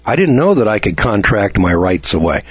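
Man, middle-aged, radio lecture host, folksy, rhetorical questions, husky, dull lo-fi sound. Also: on the low side, sing-song, a little fast, dry recording.

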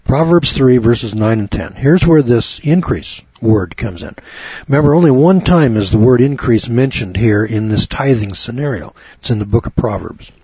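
Rural Bible teacher, a chatty man, husky, recorded dry and a bit muffled. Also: medium pitch, expressive, moderate pace, warm tone, no room sound. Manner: folksy, chatty, addresses listeners by name. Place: home studio on a rural property.

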